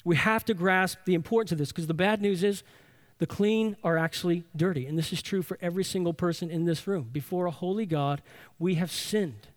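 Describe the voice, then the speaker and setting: A man with a notably high speaking voice delivers a sermon with emphatic conviction. He drives his points home by repeating key phrases and posing rhetorical questions to the room. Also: a little fast. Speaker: pastor.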